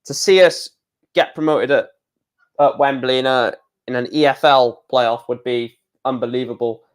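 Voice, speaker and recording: A man hosting a live football watch-along, calling the play with fillers and erupting into shouts at big chances and goals. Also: mid-range voice, steady tone, normal speed. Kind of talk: live football match commentary and reaction.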